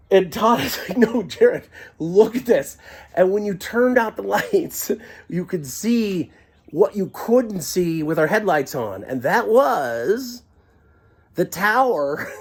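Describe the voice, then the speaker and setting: Excitable giggling man telling a story. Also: sits high, husky. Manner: excitable, giggling, shouts quoted lines. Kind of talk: comic personal storytelling. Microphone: handheld camera.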